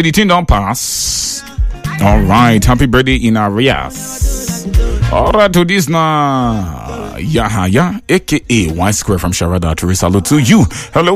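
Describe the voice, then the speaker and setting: A man with a Nigerian accent hosting a call-in radio show from a studio, bantering playfully with callers and reading out messages. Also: medium pitch. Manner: lively, playful banter in pidgin. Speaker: radio host.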